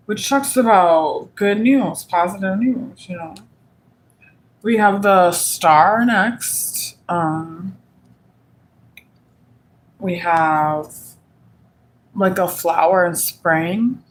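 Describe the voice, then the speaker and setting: A woman giving a live-streamed tarot reading in a chatty way, with lots of fillers and unhurried pauses. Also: on the low side, animated, slight background noise, rough recording. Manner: chatty, filler-heavy, slow and drawn out; giggly, fighting fits of laughter. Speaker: tarot reader.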